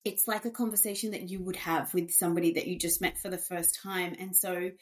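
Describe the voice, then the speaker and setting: A woman's voice: lowish voice, fairly even intonation, fairly quick. A woman hosting a podcast in a chatty, upbeat way, full of fillers and asides. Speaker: podcast host. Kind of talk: casual chat.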